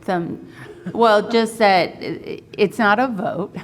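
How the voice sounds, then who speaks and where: A woman commissioner speaking in a public meeting over a video call, halting, with frequent ums and restarts. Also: medium pitch. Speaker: redistricting commissioner.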